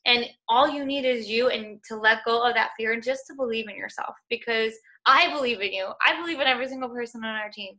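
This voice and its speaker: Bright-voiced young woman rallying her team. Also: fairly high pitch, quick pace, few pauses. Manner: earnest, encouraging, heavy use of "like" and "y'all". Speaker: fitness coaching team leader. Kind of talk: motivational talk on a group call.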